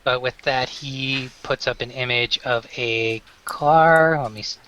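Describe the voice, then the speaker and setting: A man's voice: medium pitch, unhurried, sharp tone, slight background noise, rough recording. A man narrating as game master of a tabletop game, rambling with many fillers and restarts.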